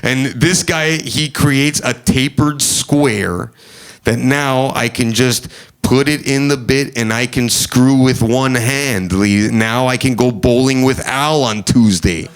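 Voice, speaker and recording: A man's voice: medium pitch, slow pace, smooth. Neurotic rambling comedian man. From Canada. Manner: neurotic, rambling, acts out loud angry characters. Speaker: stand-up comedian. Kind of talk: stand-up comedy set. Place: comedy club stage.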